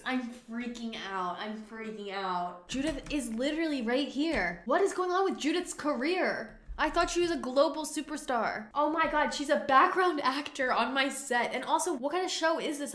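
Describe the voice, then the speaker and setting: A woman hosting a gaming video, giving excitable let's-play commentary with frequent swearing and joking self-mockery. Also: fairly high pitch. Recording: roomy room sound.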